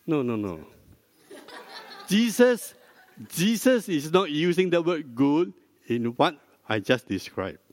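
Slow, higher-voiced older man preaching. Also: very animated, darkish tone. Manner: slow, deliberate teaching, prompting the congregation with questions. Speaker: pastor. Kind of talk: sermon. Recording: dry close mic with long hall reverb.

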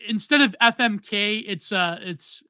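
Excitable high-voiced man in his thirties. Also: measured pace, clear, resonant tone, dry recording. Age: 30s. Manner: excitable, loud exclamations and laughter. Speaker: podcast co-host. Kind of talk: casual podcast chat reading donations.

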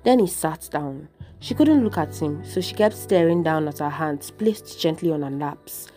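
A woman gives an expressive, measured reading of a dramatic story in a low, mellow voice. Soft instrumental music plays faintly beneath her.

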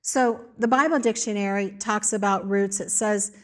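A woman giving a sermon in an animated, emphatic way, often repeating words in lists for effect. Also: medium pitch, moderate pace. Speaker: speaker in a church setting.

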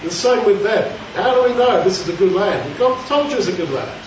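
This is a brisk, expressive man with a high-pitched voice delivering a conversational sermon full of rhetorical questions and acted-out quotes. Background noise is present, and the distant mic gives a dull sound in a hall with heavy echo.

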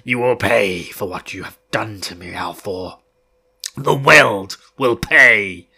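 A man's voice: sits low, measured pace, vocal fry, fairly bright tone, breathy edge, pitched below the performer's own voice, heavily acted. A man voicing a deranged, vengeful male villain in a dramatic book reading, snarling and raving.

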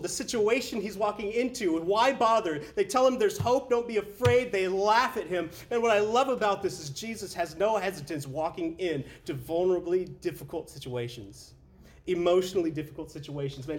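A man's voice: mid-range voice, a little hiss or hum. A man preaching a casual, conversational sermon as a pastor, often saying "man" and restarting his sentences. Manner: conversational, says "man" a lot, with frequent restarts.

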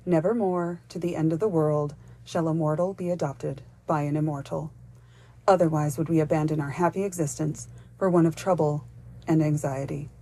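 A woman voicing a stern, grizzled ancient male forest master in a storybook reading, solemn and measured. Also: low-pitched, fairly even intonation, dark tone. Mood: grave.

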